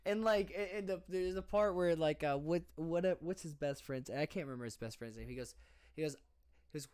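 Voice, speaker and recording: A man's voice: a little high, fairly quick, darkish tone, clear, resonant tone. Rambling, swearing tipsy young man. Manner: rambling, swears a lot, many fillers and restarts. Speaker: podcast co-host. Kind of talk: casual drunk chat.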